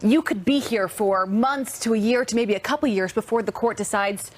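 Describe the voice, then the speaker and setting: A woman's voice: fairly high pitch, normal speed. Female morning news co-host. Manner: conversational, questioning. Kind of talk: studio news chat.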